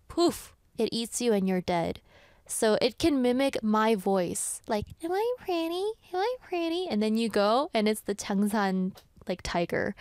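A woman's voice: mid-range voice, darkish tone, no room sound. A young woman hosting a radio show, chatting casually in a bubbly, giggly way and reading out listener messages on a studio microphone.

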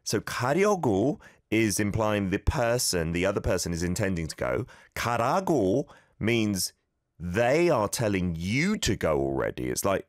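Low-voiced guy hosting a radio lesson, bouncy delivery, dry studio sound, keeps repeating examples. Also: normal speed, no room sound. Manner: lively, animated, corrects pronunciation with repeated examples. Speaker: radio host teaching Korean. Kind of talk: casual radio language lesson.

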